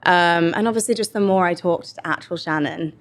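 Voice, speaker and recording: A woman's voice: fairly low pitch, brisk. A young English woman, an actor guest, telling stories in a casual interview chat with lots of quoted asides. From England. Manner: chatty, animated storytelling with quoted asides.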